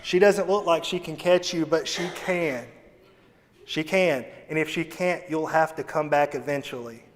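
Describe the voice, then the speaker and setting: Male associate pastor, folksy humorous sermon, slightly high voice, long echo of a church hall. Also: measured pace. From Missouri, USA. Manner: folksy and humorous, shifting between loud emphasis and quiet asides. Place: church sanctuary.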